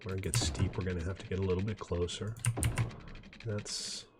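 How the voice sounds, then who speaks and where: A man casually commenting on his city-building game as he plays, relaxed and chatty with self-deprecating asides. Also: low voice, normal speed, very noisy. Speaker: gaming video host. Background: faint mouse clicks and typing.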